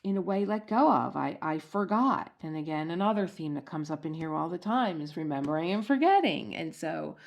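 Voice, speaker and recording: Chatty woman with a gravelly low voice. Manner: chatty storyteller, animated quoting. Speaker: vlogger. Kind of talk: casual chat. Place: home.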